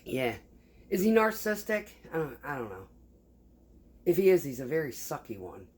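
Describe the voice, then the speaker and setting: Woman vlogger, low voice, casual rambling kitchen chat, profane and laughing. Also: big pitch swings, moderate pace, darkish tone, husky. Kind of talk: casual chat while sewing. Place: home kitchen.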